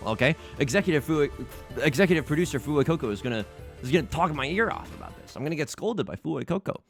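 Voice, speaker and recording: A man with a sore throat, giving excitable, jokey, self-mocking commentary while playing a game for his channel. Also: mid-range voice. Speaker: let's play host. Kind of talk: casual gameplay commentary.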